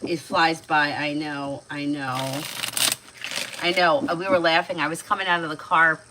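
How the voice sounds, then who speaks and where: A woman's voice: low voice, fairly even intonation, moderate pace, background noise. A woman in her thirties giving chatty, casual tarot readings on a livestream, laughing often as she talks. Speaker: tarot reader.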